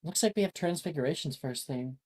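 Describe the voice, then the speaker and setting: The game master voicing a blunt, sharp-tongued girl wizard student who talks brashly. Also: medium pitch, expressive, fairly quick, voice pushed up, close to an everyday voice.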